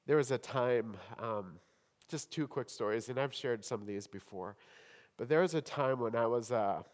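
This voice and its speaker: A man preaching a sermon in a church hall, with dramatic swings between loud emphasis and hushed tones. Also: medium pitch, normal speed. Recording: long hall reverb.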